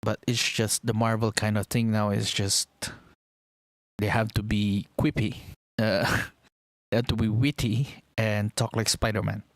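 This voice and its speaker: Rambling gravelly young man. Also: fairly low pitch, fairly even intonation, measured pace, no room sound. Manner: rambling, enthusiastic, swears casually. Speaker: vlogger. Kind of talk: casual chat.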